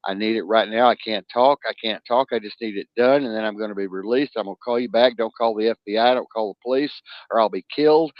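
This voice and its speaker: A man's voice: on the low side, quick pace, no room sound, highs cut off, close to an everyday voice. A man playing a scammer who fakes being a grown child in trouble, pleading urgently for money. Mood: panicked pleading. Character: scammer posing as a panicked grown child in jail.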